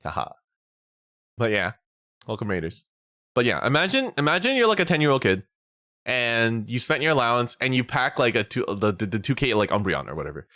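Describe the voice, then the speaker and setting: A young man chats on his stream in a loose, heated rant, swearing freely and slipping into little voices for the people he quotes. His pitch swings widely as he talks. The sound is dry and close, with no room in it. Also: quick pace, dry recording. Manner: animated ranting, swearing, acting out quotes. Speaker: VTuber streamer. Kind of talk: casual chat stream.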